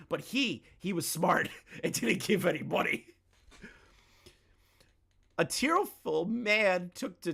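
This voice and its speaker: A man's voice: fairly high pitch, vocal fry, fairly bright tone. A man giving profane, mocking reaction commentary on streamer drama, ranting heatedly at the people he covers. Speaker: commentary YouTuber.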